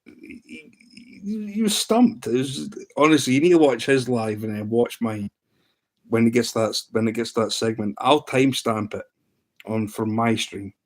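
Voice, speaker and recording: A man's voice: mid-range voice, fairly even intonation, moderate pace. A man hosting a livestream, telling a story in a rambling, amused way with lots of restarts. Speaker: livestream host. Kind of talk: casual livestream chat.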